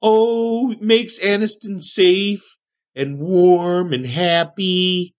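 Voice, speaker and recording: A man's voice: sits high, fairly even intonation, drawn-out words, highs cut off, voice pushed up. A man voicing a naive, childlike male elf with a head injury, who talks about himself in the third person. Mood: happy, childlike.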